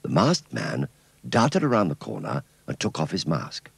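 A man narrating a children's cartoon story in an expressive storytelling manner. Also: extremely low pitch, moderate pace, gravelly, husky, no echo.

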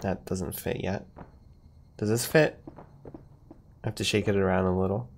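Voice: deep voice, steady tone, normal speed, gravelly, a little hiss or hum. A streamer chatting casually through a cute video game, giggling often and thanking viewers. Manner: giggly, chatty, reads chat aloud. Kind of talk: casual let's-play commentary.

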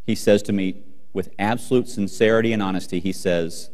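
A man's voice: on the low side, brisk. A middle-aged man giving a humorous storytelling keynote to a live audience, acting out family scenes and talking directly to the crowd. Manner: animated, acts out family scenes, talks to the audience. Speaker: keynote speaker. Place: large hall with a live audience. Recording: long hall reverb.

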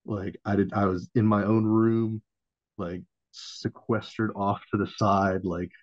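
A man's voice: on the low side, little pitch movement, a little slow, no room sound. A man in his thirties, a podcast guest and former Marine, telling a story in a laid-back, profane, casual way. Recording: dull lo-fi audio.

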